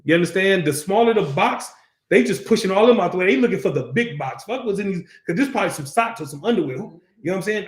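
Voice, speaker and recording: A man with a high-pitched voice leads a scripture class, speaking bluntly and swearing freely. He keeps asking his listeners whether they understand. The room around him is echoey. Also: animated, fast talker. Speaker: class teacher.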